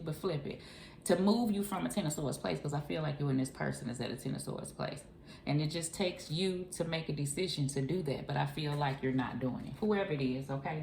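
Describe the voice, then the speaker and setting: A woman's voice: low voice, darkish tone. Chatty tarot reader woman, echoey room. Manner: chatty, calls listener boo and honey. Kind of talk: casual tarot reading. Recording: echoey room, faint hiss.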